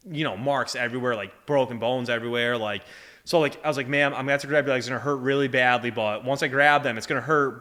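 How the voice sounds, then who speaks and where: A man in his thirties from Massachusetts tells a story as a guest, in a loose, rambling way packed with filler words. His voice is bright and a little tense. The pitch sits in a middle range for a man. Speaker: podcast guest firefighter. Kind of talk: casual storytelling.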